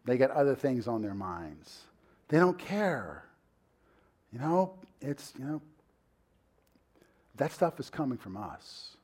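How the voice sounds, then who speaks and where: A male pastor giving a sermon in a conversational style, full of "you know" fillers and rising to loud, emphatic bursts. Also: medium pitch, sing-song, slow pace, pauses often. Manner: conversational preaching with many fillers.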